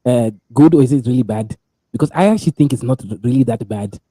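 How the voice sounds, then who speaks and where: A man's voice: medium pitch, fast, dark tone, no echo. A man hosting a casual group call, joking loosely with his guests. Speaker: host.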